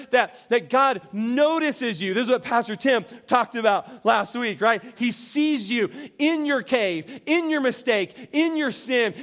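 A male pastor delivers a sermon in church with an unusually high voice. He speaks earnestly, repeating his key phrases for emphasis and now and then laughing at his own lines. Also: fairly bright tone.

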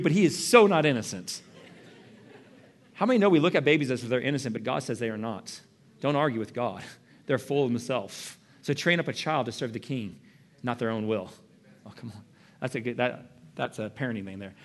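A young man preaching a sermon as a pastor, animated and jokey, often asking the congregation questions. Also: medium pitch, a little fast.

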